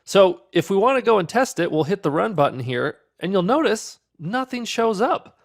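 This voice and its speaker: A man walks beginners through a programming lesson, upbeat and patient as he explains each step. His voice sits a little high, with a gravelly fry running through it. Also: very animated, normal speed. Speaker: programming instructor. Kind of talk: screen-recorded coding tutorial.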